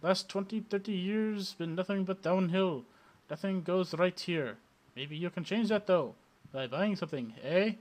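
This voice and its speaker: A man's voice: sits high, unhurried, a little mellow, pitched above the performer's own voice. A man voicing a pushy middle-aged male street vendor in a put-on Indian accent, wheedling and grumbling. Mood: wistful. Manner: wheedling sales patter, wistful grumbling.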